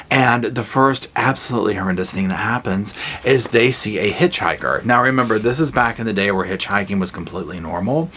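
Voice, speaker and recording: A man giving a casual, animated horror movie review, retelling scenes with blunt, jokey asides. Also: fairly low pitch, a little hiss or hum. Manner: animated storytelling with acted-out quotes.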